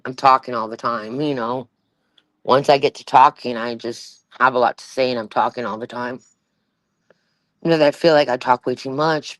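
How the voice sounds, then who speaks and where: A woman's voice: extremely low pitch, no echo. A woman hosting a livestream, chatting casually in a rambling way, with many fillers and restarts and a Valley Girl-type voice. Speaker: livestream host.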